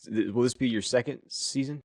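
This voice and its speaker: A man's voice: medium pitch, a little fast, darkish tone. A man hosting a casual interview, asking brief, easygoing questions. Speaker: podcast host.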